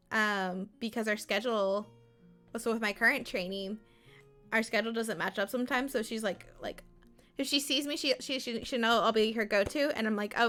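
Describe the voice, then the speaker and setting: A woman's voice: on the high side, pushed and bright. A woman streamer chatting casually while playing a game, rambling and acting out her own and others' lines.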